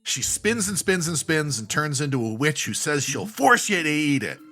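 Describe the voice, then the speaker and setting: A man with a Canadian accent recaps a horror episode on a podcast in a casual, wry way, laughing often and swearing easily. His voice is bright and forward, and his pitch swings widely. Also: big pitch swings, moderate pace, faint music behind. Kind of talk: casual chat, retelling a TV episode.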